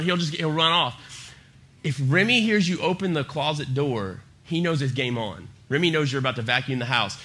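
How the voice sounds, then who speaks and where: A man's voice: on the high side, animated, moderate pace, bright, forceful tone. A young man preaching to a youth group, telling humorous stories with plenty of energy. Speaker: youth pastor. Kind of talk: youth sermon. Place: church youth service.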